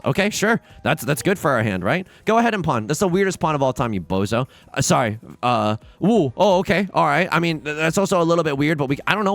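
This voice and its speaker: A young man hosting a let's play, giving excitable, self-mocking commentary on his game that swings from muttering to shouting. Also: mid-range voice. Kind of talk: gameplay commentary.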